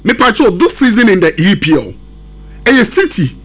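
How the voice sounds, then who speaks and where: Animated man, football pundit. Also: high voice, moderate pace, husky. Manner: emphatic, animated, mixes English with Twi. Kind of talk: sports radio discussion.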